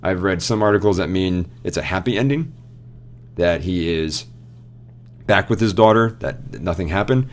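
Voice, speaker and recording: Very low-voiced man retelling a game ending. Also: normal speed. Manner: animated retelling, quotes game characters. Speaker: podcast co-host. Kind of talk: casual chat.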